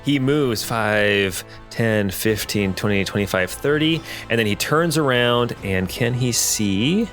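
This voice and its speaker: A man's voice: medium pitch, lively intonation, slow, few pauses, fairly bright tone, faint music behind. Man narrating as game master. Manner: thinking aloud with frequent ums and restarts.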